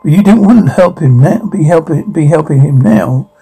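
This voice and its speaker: A man's voice: on the high side, expressive, normal speed, gravelly, mellow, husky, heavily acted, poor audio. A man voicing a crude, gloating evil double of the hero who mocks and taunts. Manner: sneering, mocking taunts.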